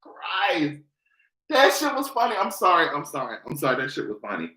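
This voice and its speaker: Male vlogger, brash profane rant, bright tone, roomy echo. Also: fairly high pitch, quick pace. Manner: loud, animated, profane ranting. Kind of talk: live stream rant.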